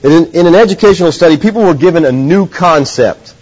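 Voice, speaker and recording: A middle-aged man delivers a sermon in an earnest, teacherly manner. His voice sits slightly high, and he keeps checking in with his listeners through questions. The recording is muffled and lo-fi. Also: fairly quick, darkish tone, slightly rough. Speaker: preacher. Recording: dull lo-fi sound.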